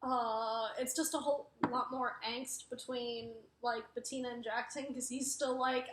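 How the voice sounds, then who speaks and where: A woman's voice: on the high side, fairly even intonation, a little slow, hardly any pauses, a bit bright. A young woman giving a casual book review, rambling with lots of fillers. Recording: roomy echo.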